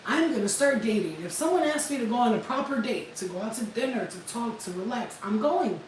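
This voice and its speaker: A woman's voice: a little high, fairly quick, echoey room, recorded from a distance, a little hiss or hum, rough recording. A woman chatting casually on a livestream, blunt and profane, laughing often and acting out quotes in other voices. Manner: animated, acts out quotes. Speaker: spiritual healing vlogger.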